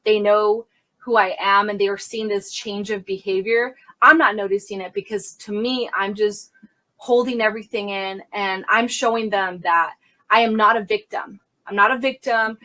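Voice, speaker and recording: A young adult woman, a crime scene investigator, telling a candid story in an interview and acting out the quotes loudly. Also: mid-range voice, moderate pace. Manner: animated, acts out quotes loudly.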